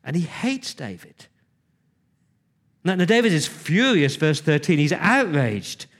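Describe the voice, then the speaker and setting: A man's voice: fairly high pitch, big pitch swings, unhurried. A man preaching a sermon, retelling scripture conversationally with emphatic repetition.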